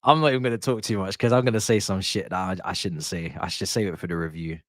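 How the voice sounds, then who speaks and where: A man's voice: deep voice, fairly even intonation, quick pace, no echo. A young man reacting live to a football match, exasperated and swearing. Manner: exasperated, swearing, muttering to himself. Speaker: football watch-along host.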